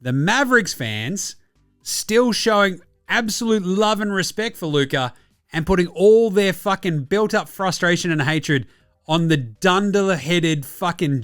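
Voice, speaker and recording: An Australian man hosting a basketball recap show, talking in a fast, sweary, sarcastic rush. His voice sits a little high for a man and comes across smooth and clear. The recording is dry and close, with faint music behind him. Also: fairly bright tone, no room sound. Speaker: basketball podcast host. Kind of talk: casual sports recap.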